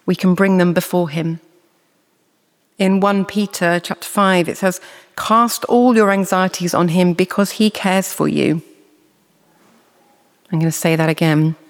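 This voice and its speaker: A preacher giving a sermon in a measured, earnest way, reading scripture slowly and deliberately. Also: medium pitch, fairly even intonation, in a large hall.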